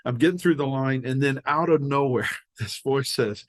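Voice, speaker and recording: A man's voice: medium pitch, normal speed. An older American man, a podcast guest, telling personal stories in casual conversation and acting out the dialogue. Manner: animated storyteller acting out dialogue.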